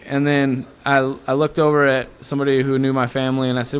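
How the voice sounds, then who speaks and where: A young man from Iowa tells stories in a loose, chatty way. He slips into the voices of the people he quotes, lively and quick with the punchlines, in a relaxed interview as a guest musician. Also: mid-range voice, smooth. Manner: animated storyteller who acts out quoted voices. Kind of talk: casual storytelling interview.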